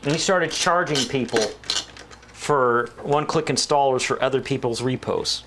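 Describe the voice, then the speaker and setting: A man's voice: mid-range voice, moderate pace, a bit bright. Guy rambling and joking while fixing his pc, some background noise. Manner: rambling, joking, mimics voices. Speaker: PC building vlogger. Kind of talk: casual chat while working on a PC.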